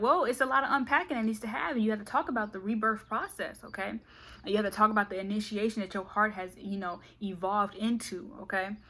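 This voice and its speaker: A woman's voice: medium pitch, bright, forceful tone. Chatty woman giving a playful tarot reading. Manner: fast, chatty, playful, keeps saying okay. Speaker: tarot reader.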